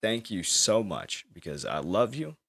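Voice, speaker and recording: A young man hosting his own talk show, with a very low-pitched voice. He rambles and swears freely, restarting sentences as he tells stories in loose casual chat. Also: big pitch swings, unhurried, vocal fry. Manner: rambling, profane, loose storytelling. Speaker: podcast host.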